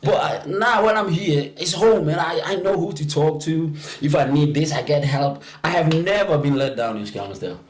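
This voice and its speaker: Brief: man, lively storyteller, laughs easily, stumbles into sentences, room echo. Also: on the high side, moderate pace, hardly any pauses. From South Africa. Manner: animated, laughs often, repeats words when starting. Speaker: podcast guest. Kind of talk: casual storytelling chat. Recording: roomy echo.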